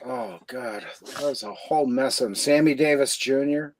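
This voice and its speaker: A man's voice: medium pitch, moderate pace. A man co-hosting a casual talk show, mostly agreeing and adding short asides. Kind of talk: casual chat.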